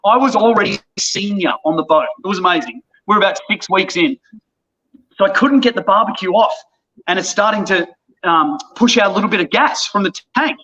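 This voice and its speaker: High, bright-voiced man telling a story. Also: fairly quick. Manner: animated, acts out quoted voices. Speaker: guest actor. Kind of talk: casual anecdote storytelling. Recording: dull lo-fi audio.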